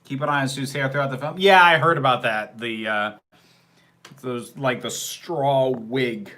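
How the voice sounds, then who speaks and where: A man's voice: mid-range voice, measured pace, pushed and bright. A man hosting a livestream, casually commenting on a film, answering chat questions and laughing often in a sarcastic tone. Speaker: livestream host reacting to a film.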